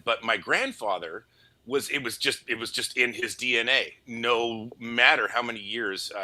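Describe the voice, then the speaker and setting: A man from Canada, a voice actor guest, telling stories in a casual interview, playful and quick to slip into voices. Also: lowish voice. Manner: animated, playful, breaks into voices.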